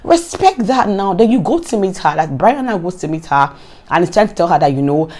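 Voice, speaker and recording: Animated Nigerian woman vlogger. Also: fairly low pitch, brisk. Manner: animated, exasperated, repeats words. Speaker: vlogger recapping a reality show. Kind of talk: casual commentary.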